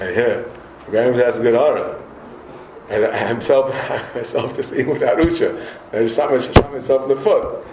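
A man giving a Talmud class lecture, animated, repeating words and joking with his students. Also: mid-range voice, normal speed, a little hiss or hum. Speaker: Talmud teacher. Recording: roomy echoey room.

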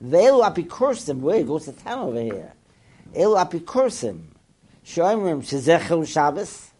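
A man teaching a Torah class, animated and asking his listeners questions, mixing Hebrew and Yiddish terms into English. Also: a little high, normal speed, husky.

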